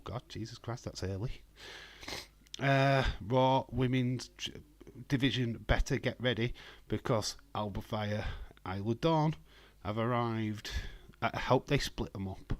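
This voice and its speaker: A man with a hoarse voice, hosting a casual live stream from home and talking in a blunt, rambling way. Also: on the low side. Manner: blunt, rambling, profane, reads chat aloud.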